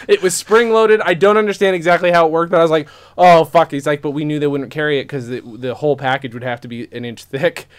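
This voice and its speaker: A man hosting a podcast, chatting excitedly and swearing as he retells a story. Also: fairly high pitch, fast, clean tone. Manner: excitable, swears, quotes others with "I'm like". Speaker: podcast host. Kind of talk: casual chat.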